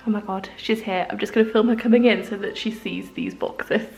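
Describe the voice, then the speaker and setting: A woman, chatting casually in a vlog, bubbly and gushing, her voice leaping up when excited. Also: medium pitch, normal speed, hardly any pauses, soft background music. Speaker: vlogger. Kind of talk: casual chat.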